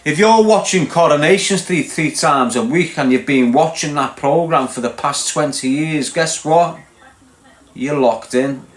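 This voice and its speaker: This Liverpool-accented livestreamer talks a little slowly in a voice on the high side. In an echoey room, he rants casually at his viewers, lecturing bluntly and asking over and over if they understand.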